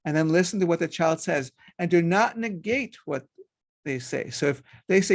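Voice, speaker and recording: A man's voice: fairly high pitch, animated, moderate pace, gravelly. A middle-aged man, a hypnotherapist, giving parenting tips in a conversational way and acting out quoted dialogue. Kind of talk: instructional talk.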